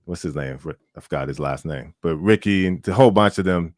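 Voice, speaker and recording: Deep-voiced relaxed male musician, dry sound. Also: brisk, no echo. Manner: relaxed, rambling, many fillers. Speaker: musician guest. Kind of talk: casual interview chat.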